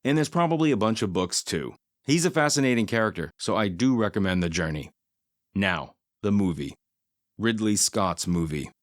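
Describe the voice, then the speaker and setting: Low-voiced man giving a dry, sardonic review. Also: normal speed, no echo. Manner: dry, sardonic humor with deadpan asides. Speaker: film reviewer. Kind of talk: scripted monologue film review.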